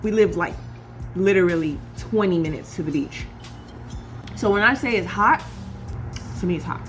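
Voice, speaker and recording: A woman's voice: on the low side, moderate pace, fairly bright tone, faint music behind. A woman from California chatting casually as she cooks in her home kitchen, often calling her viewers "y'all". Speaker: cooking vlogger. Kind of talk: casual cooking chat.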